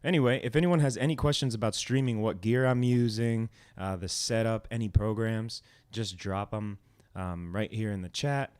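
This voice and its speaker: A man's voice: on the low side, moderate pace, hardly any pauses, a little mellow, smooth. A man hosting his own music livestream at home, chatting casually and rambling a little as he greets viewers by name.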